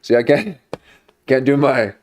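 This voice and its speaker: A man's voice: medium pitch, expressive, unhurried, darkish tone. A man streaming, chatting casually in a rambling, jokey way. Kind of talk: casual chat.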